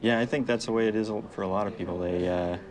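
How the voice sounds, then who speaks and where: Low flat-voiced male interviewer off the mic. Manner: halting, restarts phrases. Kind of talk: casual interview questions. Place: working man's bar.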